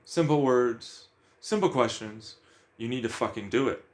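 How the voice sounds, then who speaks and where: A man's voice: medium pitch, measured pace. A man talking bluntly about emotions in a casual, profane monologue, firing questions at himself.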